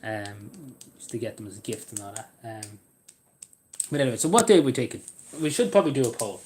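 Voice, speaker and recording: A man's voice: medium pitch, a little fast, darkish tone, slight background noise. A man vlogging in a rambling, casual way, swearing freely and drifting between topics. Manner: meandering, swears freely, laughs at own jokes. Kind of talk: rambling casual live chat.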